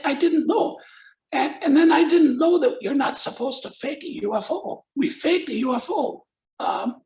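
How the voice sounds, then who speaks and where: An older man with a gravelly, creaky voice spins old radio-days stories. He talks casually and slips into the voices of the people in his anecdotes as he goes. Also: very high voice, rough recording. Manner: lively storyteller acting out voices in his anecdotes. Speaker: former radio personality, guest.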